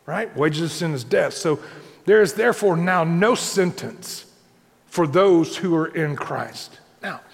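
Male pastor, conversational sermon, high gravelly voice, reverberant hall. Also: expressive, measured pace. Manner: conversational preaching, repeats points, asks the congregation "right?".

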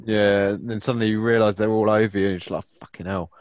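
Low-voiced man, dull dry sound. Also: little pitch movement, fast, a little hiss or hum. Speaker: podcast co-host. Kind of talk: casual chat.

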